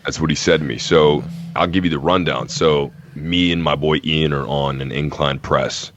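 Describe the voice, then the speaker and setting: A man's voice: a bass voice, fairly even intonation, moderate pace, highs cut off, a crowd in the background. A man telling a story on a podcast in a brash, profane, boastful casual way. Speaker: podcast host.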